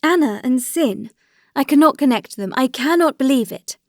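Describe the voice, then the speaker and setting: A woman reading the part of an anguished noblewoman who pleads for her friend, her voice climbing high in distress. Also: moderate pace, a little mellow, no echo, studio quality, natural voice. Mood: pleading.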